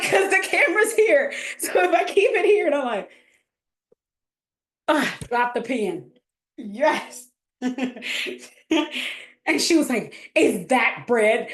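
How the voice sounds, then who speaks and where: A woman's voice: a little high, roomy sound. A woman, chatting casually as a coach, goofy and full of laughter. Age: 30s. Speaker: host and coach. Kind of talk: casual livestream chat.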